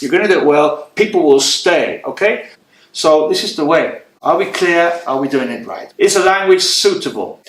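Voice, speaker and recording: Fast-talking man teaching in an echoey room. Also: a little high, a bit bright. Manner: brisk, checks in with "okay?". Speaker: presentation skills teacher. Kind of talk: lecture to camera. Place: room with a writing board. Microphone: handheld microphone.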